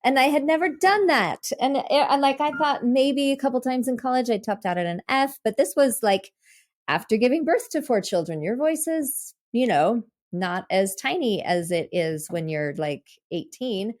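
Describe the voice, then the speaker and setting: A woman hosting a podcast interview. Her voice is high, and her pitch jumps around a lot as she talks. She sounds bubbly and laughs readily. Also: lively intonation, moderate pace. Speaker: podcast host.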